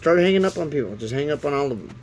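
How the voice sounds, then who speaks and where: A man's voice: a little high, sing-song, rapid-fire, a little mellow, slight background noise. Man muttering through a phone stream setup. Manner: frustrated, muttering while fiddling with phone settings. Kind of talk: casual live-stream chat.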